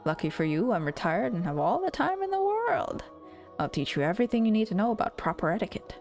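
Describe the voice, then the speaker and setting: A woman voicing a gruff, stern retired old nobleman in a visual novel voice-over, putting on a clipped British accent. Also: medium pitch, wildly swooping pitch, fast talker, darkish tone, faint music behind.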